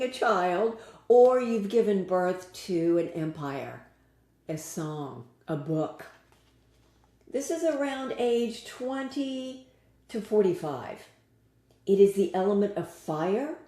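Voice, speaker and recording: A woman voice coach narrating a lesson in a measured, list-like way with pauses between items. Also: lowish voice, warm tone, reverberant.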